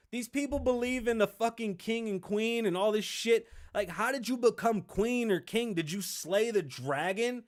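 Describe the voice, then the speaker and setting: Casting note: a brash male host, higher voice, rambling and profane. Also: animated, normal speed. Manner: brash, rambling, heavy swearing. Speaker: show host. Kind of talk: profane comedic commentary.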